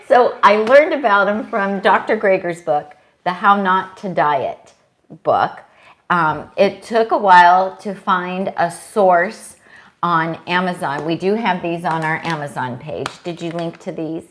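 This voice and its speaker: A woman's voice: lowish voice, slow. A middle-aged woman co-hosting a casual live chat, chatty and reading aloud from a book with small stumbles. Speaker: co-host.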